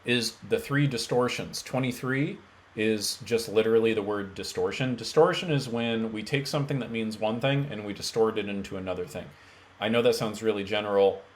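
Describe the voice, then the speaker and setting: A man coaching viewers on mental health, talking emphatically and directly to them, with frequent "okay" and "right" check-ins. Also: on the low side. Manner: energetic, emphatic, talks straight to viewer with rhetorical okays. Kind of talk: direct-to-camera teaching.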